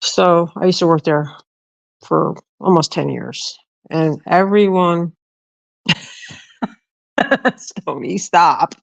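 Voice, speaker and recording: A woman's voice: on the low side, takes it slowly, vocal fry, pauses often, dry recording, lo-fi sound. A middle-aged woman hosting a livestream, telling a rambling story casually to her viewers, swearing freely and often restarting her sentences. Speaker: livestream host.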